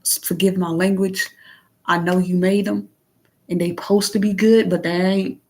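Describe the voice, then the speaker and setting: A woman venting in a casual monologue into her phone, blunt and heavily profane, moving between heated outbursts and low murmurs. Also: level tone, normal speed. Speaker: vlogger.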